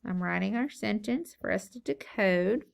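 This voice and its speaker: A woman teacher leading a phonics lesson for young children, slow and encouraging, sounding out words syllable by syllable. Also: mid-range voice, expressive, vocal fry. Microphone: recorded lesson video.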